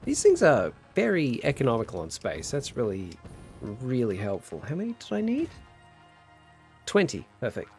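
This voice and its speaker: Animated young man streaming a game. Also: medium pitch, moderate pace, soft background music. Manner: chatty, animated storyteller, reads chat aloud. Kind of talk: casual gameplay chat.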